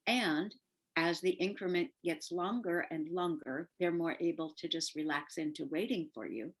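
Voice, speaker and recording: An older woman speaks in a low, unhurried voice, offering gentle advice to parents and teachers. She leans on soft repetition to make her points land. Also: rough recording. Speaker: parenting educator.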